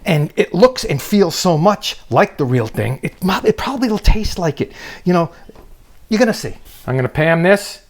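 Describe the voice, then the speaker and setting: Guy doing a funny cooking show in his kitchen, kinda high voice, cracks jokes at the viewers nonstop. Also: sing-song, normal speed. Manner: wisecracking, teasing asides to viewers. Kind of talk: comedic cooking demonstration.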